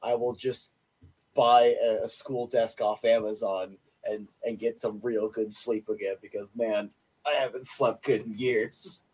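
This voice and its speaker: A man's voice: lowish voice, steady tone, measured pace, a little mellow, slightly rough. A young man co-hosting a podcast in casual chat, joking around and laughing often. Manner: playful, laughs often, jokey. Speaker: podcast co-host.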